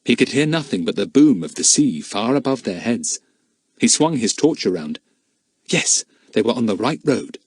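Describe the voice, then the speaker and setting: Lively male storybook narrator. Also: mid-range voice, moderate pace, breathy edge, no room sound. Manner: lively, expressive reading. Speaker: audiobook narrator.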